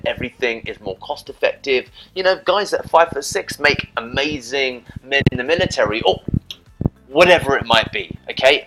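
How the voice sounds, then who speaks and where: A man's voice: medium pitch, bright, forceful tone, rough recording. Upbeat man giving advice. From Britain. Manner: rambling, upbeat, peppered with "you know" and "right?". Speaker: dating advice vlogger. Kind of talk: casual advice monologue to camera.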